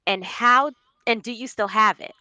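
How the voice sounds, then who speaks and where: A woman with a Bronx accent hosting a live-stream interview, excitable and laughing often. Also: on the high side, moderate pace, no room sound, muffled recording. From the Bronx, New York. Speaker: interview host.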